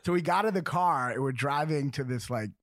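A man's voice: medium pitch, a little fast, fairly bright tone, no echo, clean studio sound. Man telling stories with frequent laughs. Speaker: podcast co-host. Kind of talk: casual chat.

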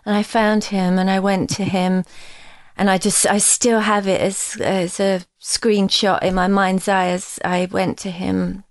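A woman, a musician guest in a casual interview, telling her story in a rambling, halting way with many restarts. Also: medium pitch, little pitch movement, no room sound.

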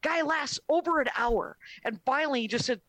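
A woman comedian casually telling a long, animated story on a podcast, often quoting her dad. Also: high voice, fairly quick, no echo. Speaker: comedian guest.

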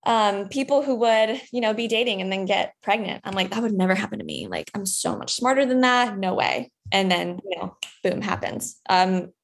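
A young woman chats openly as a podcast guest, her voice sitting at an everyday middle pitch. She tells her story in loose, candid bursts and jumps higher whenever she acts out what she once said. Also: moderate pace, gravelly, few pauses. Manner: candid and chatty, acts out past dialogue in a higher voice. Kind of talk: casual chat.

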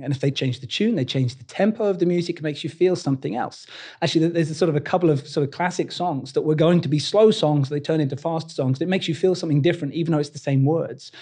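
A man's voice: a little high, darkish tone. A British man, a body language coach, talking in an interview and acting out quoted lines with animation. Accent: British English. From Britain. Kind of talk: conversational interview.

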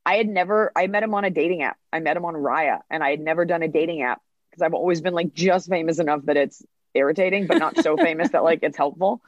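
Animated woman comedian, dull dry sound. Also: sits low, fast, dry recording. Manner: animated storytelling, acts out dialogue. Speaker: comedian guest. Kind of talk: podcast interview.

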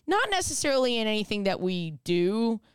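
A woman's voice: a little high, big pitch swings, brisk, clean tone, dry recording, studio quality. A woman hosting a casual podcast, rambling and joking. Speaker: podcast host. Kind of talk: casual chat.

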